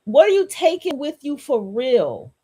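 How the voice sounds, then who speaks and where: A woman's voice: high-pitched, wildly swooping pitch, measured pace, mellow. A woman hosting a solo podcast, talking in a blunt, repetitive, preachy and profane way. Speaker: podcast host.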